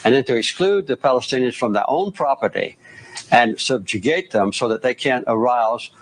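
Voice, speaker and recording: An older man from the United States answering questions as a guest in a television interview, speaking in a measured, firm way and clearing his throat now and then. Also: mid-range voice, poor audio.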